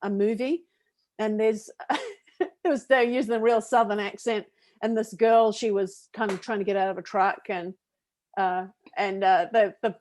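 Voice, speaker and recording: A woman with a New Zealand accent co-hosting a casual chat over a video call, animated and quick to laugh as she tells stories. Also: medium pitch, a little hiss or hum. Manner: animated, laughs often while telling stories. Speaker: co-host.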